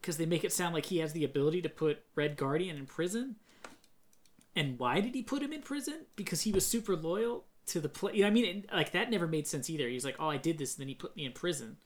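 A speaker in casual chat, reviewing a movie with a co-host in a quick, questioning way. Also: medium pitch, lively intonation.

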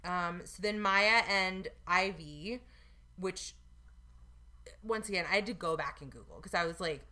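A woman chatting casually as a podcast co-host, animated and quick to quote people in little voices. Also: lowish voice. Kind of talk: casual chat.

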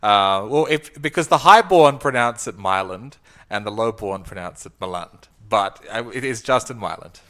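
A man's voice: mid-range voice, lively intonation, moderate pace, hardly any pauses, fairly bright tone. A man co-hosting a podcast, casual and wry, trading jokes and short interjections. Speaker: podcast co-host.

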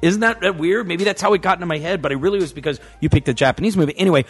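A man's voice: high voice, very fast, slightly rough, soft background music. A man co-hosting a podcast in casual chat, rambling and correcting himself as he talks. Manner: rambling, animated, self-correcting. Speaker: podcast co-host.

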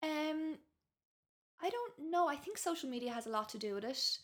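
A woman's voice: sits high, expressive, normal speed, a bit bright. An Irish woman in her thirties, a guest author talking frankly and casually on a podcast, full of "like" and "you know". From Ireland. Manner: frank and chatty, with lots of fillers like "like" and "you know".

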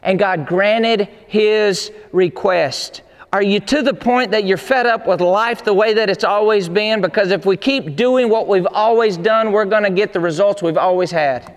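Male preacher with a very high voice, emphatic and fervent, in an echoing sanctuary. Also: moderate pace, hardly any pauses. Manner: emphatic, rising to fervent pleading. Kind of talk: sermon. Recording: long hall reverb.

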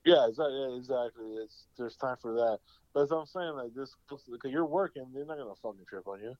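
A man's voice: medium pitch, a little fast, dry recording. A man telling a long story in casual chat, rambling and profane, full of fillers. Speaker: podcast host. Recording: dull lo-fi dry sound.

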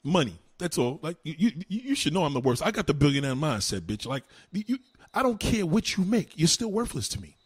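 A man delivering a heated, profane rant to the camera, swinging between low mutters and loud insulting outbursts. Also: big pitch swings, brisk, breathy edge.

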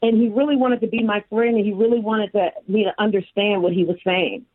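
A woman's voice: medium pitch, fairly quick, dry recording. A woman from Chicago's south side, a guest telling her life story in an interview and acting out the people she quotes. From south side of Chicago, USA. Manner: animated, acts out the voices of people in her stories. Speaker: guest, human resources executive. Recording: phone-like narrow band, dry.

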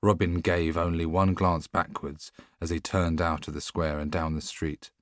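A man narrating an audiobook in a measured, steady storytelling manner. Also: sits low, dry recording, studio quality. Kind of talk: scripted narration.

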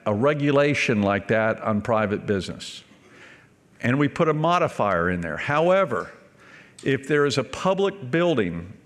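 A former governor giving an earnest, emphatic speech, telling a story to an audience. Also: male voice, medium pitch, fairly bright tone. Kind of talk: public speech. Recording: long reverb of a large hall.

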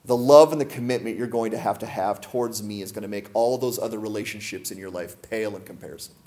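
A man's voice: fairly low pitch, fast, a little mellow. A man preaching a sermon to a congregation, emphatic and full of rhetorical questions. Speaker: pastor.

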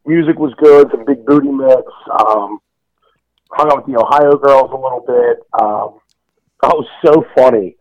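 A man co-hosting a podcast, spinning a long, meandering story in casual chat and scattering "um" and "like" all through it. His voice sits at an ordinary middle pitch. The recording is close and dry, with no room sound. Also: moderate pace, no room sound, highs cut off. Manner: rambling storyteller with many fillers. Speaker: podcast co-host.

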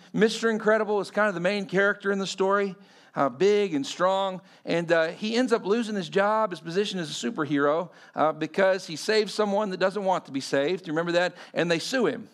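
Higher-pitched pastor preaching, chatty, keeps asking the crowd questions. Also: male voice, fairly bright tone. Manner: conversational, quizzes the audience. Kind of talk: sermon.

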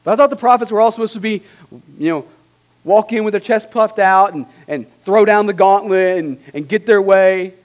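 Male pastor, high voice, sermon delivery, dramatic scripture reader, rhetorical asides. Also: moderate pace. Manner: reads scripture with dramatic emphasis, rising for quoted lines; asks rhetorical questions with a tag like "right?".

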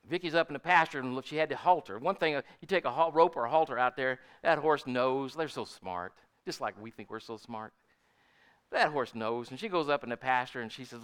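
A man's voice: mid-range voice, expressive, brisk, fairly bright tone, clean tone. An older man preaching a sermon in a folksy, storytelling way, often asking his congregation "Amen?". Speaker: pastor.

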